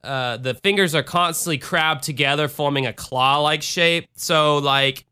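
Chatty American man, bright clear voice. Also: a little high, unhurried. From United States. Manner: chatty, retells cases with asides and bad impressions. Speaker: podcast host. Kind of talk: casual true-crime chat.

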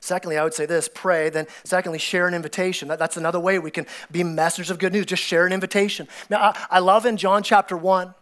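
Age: adult. Sex: male. Role: pastor. Style: sermon in a church, conversational and animated, acting out characters. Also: high-pitched, fast, hardly any pauses. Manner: animated storytelling, acting out biblical characters with excited voices; conversational, repeats words and restarts often. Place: church sanctuary.

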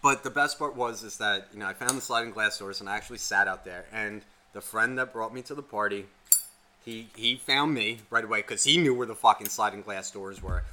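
Bright-voiced man telling profane stories. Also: on the low side, fairly quick, a little hiss or hum. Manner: animated, swears a lot, acts out quotes. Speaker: podcast co-host. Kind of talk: casual profane storytelling.

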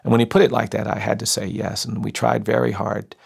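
A middle-aged lawyer telling a story slowly and earnestly, quoting the people in it. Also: male voice, on the low side, little pitch movement, vocal fry, slightly rough. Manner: slow, earnest storytelling with quoted voices. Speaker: civil rights lawyer. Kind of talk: storytelling speech.

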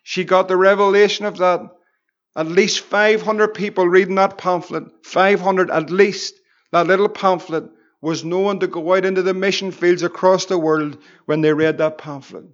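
A Northern Irish man, a pastor, preaching a Bible study with fervent exclamations and slow, emphatic repetitions. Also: sits high, steady tone, muffled recording.

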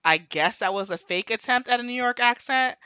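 Animated woman recapping TV, bright voice. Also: fairly high pitch, clean tone, no echo. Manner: animated, tangents, quick asides, laughs often. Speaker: podcast co-host. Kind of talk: casual TV recap chat.

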